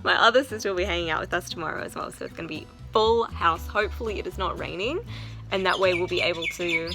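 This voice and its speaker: Young woman from south africa or australia, giggly excited vlog chat, bright voice, faint music behind. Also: on the low side. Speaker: vlogger.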